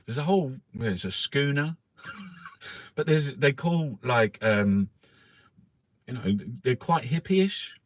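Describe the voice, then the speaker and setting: A man hosting a casual newspaper review. He swears constantly, rambles with lots of restarts and fillers, and reads headlines out louder. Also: very animated, slow, pauses often, no echo. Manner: louder and higher when reading headlines. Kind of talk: casual live-stream chat, reading headlines aloud.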